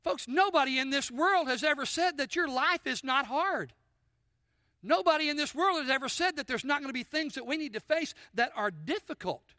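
A man preaching a sermon with a high, sharp, bright tone. He throws questions at the congregation and drops from forceful emphasis to near-whispers. The sound is close and dry. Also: animated, normal speed, dry recording. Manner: addresses congregation with call-and-response questions; swings between loud emphasis and soft near-whispers. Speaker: pastor. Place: church sanctuary.

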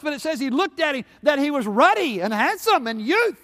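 High-voiced preacher in a reverberant hall. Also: male voice, expressive, fairly quick, few pauses. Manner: preaching, swinging between loud peaks and hushed low passages; retells scripture stories with acted quotes. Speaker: pastor. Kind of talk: sermon.

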